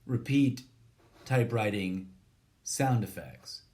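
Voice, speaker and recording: A man reading a short story aloud in a deadpan, measured way, even speaking the punctuation and formatting. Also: fairly low pitch, heavy background noise.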